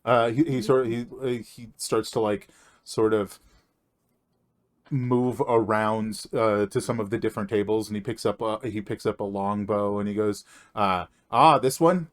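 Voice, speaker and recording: A man narrating as game master of a tabletop game, halting and restarting often. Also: lowish voice, flat delivery. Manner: halting, many fillers and restarts.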